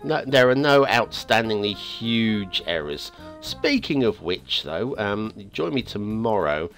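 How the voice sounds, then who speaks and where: A guy rambles through a game map review in casual video game commentary, his lowish voice swinging lively in pitch and going a bit hoarse. He talks slowly with few pauses, chatty, restarting and stammering often, while faint music plays behind.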